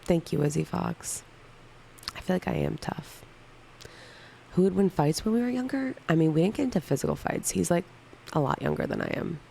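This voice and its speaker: Lowish, gravelly and mellow, this woman's voice is expressive at a moderate pace and pauses often, with a bit of hiss or hum on a low-quality recording. She's in her thirties, co-hosting a livestream and candidly working through viewer questions one after another in casual chat.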